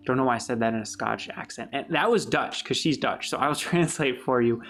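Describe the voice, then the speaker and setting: Chatty young man with soft music behind. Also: medium pitch, normal speed, few pauses. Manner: chatty, upbeat, laughs easily. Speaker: YouTube creator. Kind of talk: casual Q&A monologue.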